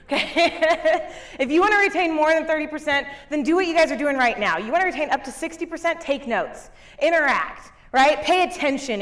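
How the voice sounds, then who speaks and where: A woman business coach giving a motivational keynote talk on a conference stage, energetic and often laughing as she talks to the crowd. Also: fairly high pitch.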